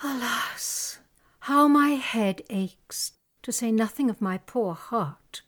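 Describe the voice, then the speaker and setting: A woman's voice: fairly high pitch, takes it slowly, fairly bright tone. A woman playing a distraught young noblewoman. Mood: sorrowful. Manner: emotional, pleading and indignant. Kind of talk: dramatic audiobook reading.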